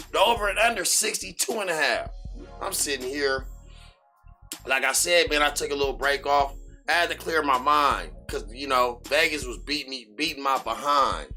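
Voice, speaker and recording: A man hosting a sports betting show, rambling loosely with lots of "man" and sudden loud outbursts. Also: on the high side. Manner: rambling, repetitive, fillers like "man". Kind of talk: casual sports betting talk.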